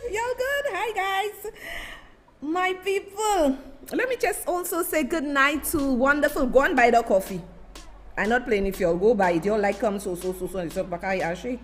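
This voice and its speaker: A woman's voice: high-pitched, normal speed. A woman hosting a live stream, chatting and effusively greeting her viewers by name. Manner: animated, effusive, sing-song shout-outs. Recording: faint music behind.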